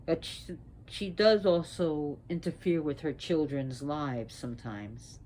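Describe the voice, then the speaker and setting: A woman speaking as a priestess, sick and short of breath, talking in a slow, halting way with restarts. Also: deep voice, warm tone, slight background noise. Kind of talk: spoken talk on mythology.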